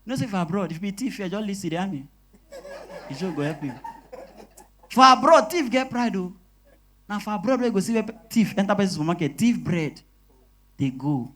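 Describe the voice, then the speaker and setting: A young Nigerian comedian performs stand-up on a live stage, his delivery animated and full of quick switches into character voices. His voice is bright and ringing and swings widely in pitch.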